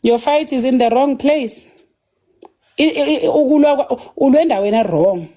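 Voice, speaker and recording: A South African woman arguing forcefully in a heated online discussion, switching between English and isiZulu. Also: sits high, normal speed. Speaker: activist speaker.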